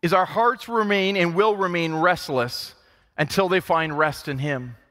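A man preaching a sermon in a church, animated and acting out grumbling quotes. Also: high voice, a little slow. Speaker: pastor. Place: church sanctuary. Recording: long hall reverb.

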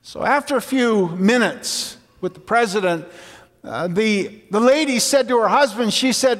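High-voiced unhurried preacher man. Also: animated, fairly bright tone. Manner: unhurried storytelling with jokes. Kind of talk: sermon. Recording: long hall reverb.

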